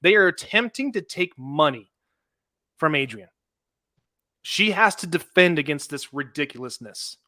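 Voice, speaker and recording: A man hosting a casual podcast talk about a legal case, animated and laughing often, with many restarts. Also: on the high side, unhurried, long pauses, no room sound, studio quality. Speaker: podcast host.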